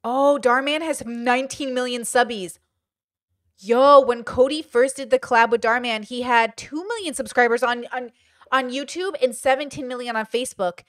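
A woman hosting her channel, chatting casually as she reacts to videos and reads out view counts with excited exclamations. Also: fairly high pitch, moderate pace.

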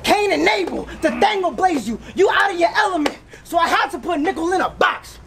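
A brash man from Florida spits taunting battle rap bars in a high, cutting voice, now and then breaking into shouts. The recording is noisy, with live crowd ambience all around. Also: lively intonation, fairly quick, vocal fry. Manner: brash, taunting, punchy delivery with shouted bursts. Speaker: battle rapper.

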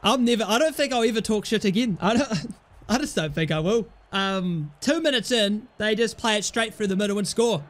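A young man giving animated commentary over a football video game, swearing and shouting at his players in mock outrage. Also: high-pitched, a little fast. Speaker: gaming commentator.

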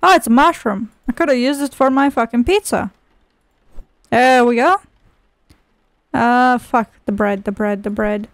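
Her fairly high voice moves at normal speed with few pauses, captured on a dry recording. She's a gameplay streamer playing a horror game, foul-mouthed and sarcastic, mock-scolding, and sing-song when she reads aloud from a storybook.

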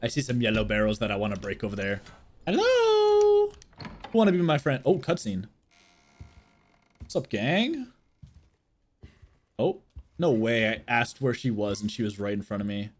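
Talking to his chat while he plays, this young streamer jokes around, gets excited, and swears frequently in his casual commentary. He has a lowish voice, speaks at a normal speed, and pauses often.

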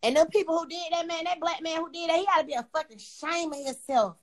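A young woman chatting on a livestream, blunt and profane as she airs her grievances. Her voice sits high and she talks fast, words tumbling out in quick runs. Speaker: livestream host. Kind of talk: casual livestream chat.

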